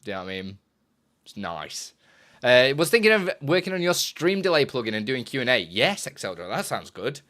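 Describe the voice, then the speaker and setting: A man's voice: medium pitch, very animated, fairly quick, bright, forceful tone. A man chatting casually on a live stream, rambling and correcting himself as he explains his setup, often laughing.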